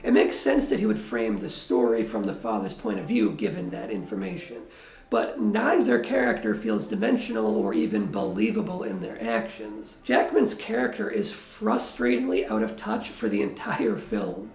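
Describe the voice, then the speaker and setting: Gravelly, animated male film critic. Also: fairly high pitch, normal speed, roomy sound, soft background music. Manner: blunt, wry, critical. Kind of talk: video film review.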